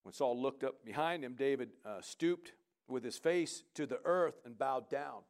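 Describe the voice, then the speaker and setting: A man preaching a sermon in a lively, conversational way, often asking the congregation "right?" and urging them on. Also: medium pitch, a little slow. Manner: animated, conversational preaching with frequent "come on" and "right?". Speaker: pastor.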